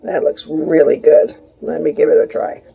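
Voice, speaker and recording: A woman's voice: low voice, fairly even intonation, normal speed, creaky, mellow, breathy edge, dull audio. A middle-aged woman, chatting casually in her kitchen as a home cooking vlogger and rambling in homey asides to her viewers.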